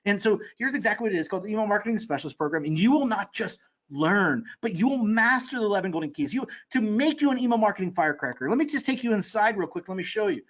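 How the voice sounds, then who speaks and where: An excitable man giving an energetic sales pitch for an online marketing course, talking in a rush with many fillers and restarts. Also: fast, highs cut off.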